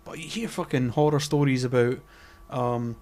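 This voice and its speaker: A man co-hosting a casual podcast chat, rambling, swearing and groping for words, often trailing off quietly. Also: mid-range voice, steady tone, normal speed. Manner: trails off quietly mid-sentence. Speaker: podcast co-host.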